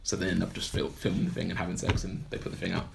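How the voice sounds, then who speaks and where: Rambling low-voiced man. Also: monotone, very fast, creaky, a little hiss or hum. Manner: rambling, full of "like" and "blah blah". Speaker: podcast co-host. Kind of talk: casual film recap chat.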